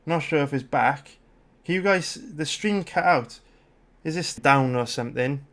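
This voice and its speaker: A man's voice: fairly high pitch, a little slow, fairly bright tone. A British man in his thirties hosting a livestream, talking casually in a rambling way, swearing freely and full of fillers and restarts. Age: 30s. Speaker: livestream host.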